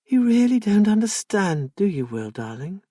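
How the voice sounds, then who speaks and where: A man voicing a suspicious, volatile middle-aged wife in an audiobook, raising his husky voice to sound sharp and accusing. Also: sits high, sing-song, normal speed, dry recording, clean studio sound, recorded from a distance, voice pushed up. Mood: cold.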